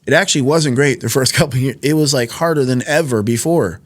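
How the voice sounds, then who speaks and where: A fast-talking New Yorker in his twenties with a medium-pitched voice tells his life story as a guest in a podcast studio. The conversation is casual, with lots of fillers and acted-out quoted dialogue, and there is no echo.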